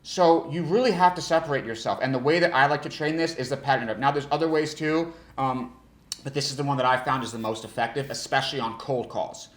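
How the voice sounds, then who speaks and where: A man's voice: mid-range voice, fast talker. Man coaching sales in an echoey room. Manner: energetic coaching, with frequent restarts and demonstrated tones. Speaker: sales trainer. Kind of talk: instructional talk.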